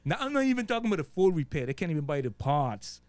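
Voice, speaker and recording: A man's voice: on the high side, sing-song, fast, dry recording. A man with a Virgin Islands accent talking casually as a guest DJ, loose and slangy, swearing freely. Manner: laid-back, street slang, frequent swearing and fillers. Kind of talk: casual interview chat.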